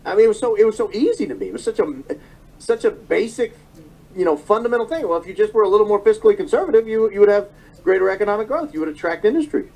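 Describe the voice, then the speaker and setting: A man's voice: high voice, animated, fast, a little mellow, low-quality recording. Emotional man commentating, repeating himself. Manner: emotional, repeats phrases, self-corrects. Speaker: political commentator. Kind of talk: monologue commentary.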